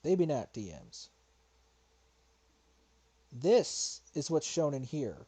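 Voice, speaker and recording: A man's voice: a little high, big pitch swings, takes it slowly, dark tone, breathy edge. A man streaming a response video, talking casually and rambling, getting frustrated, swearing and muttering to himself while he searches. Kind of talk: casual livestream commentary.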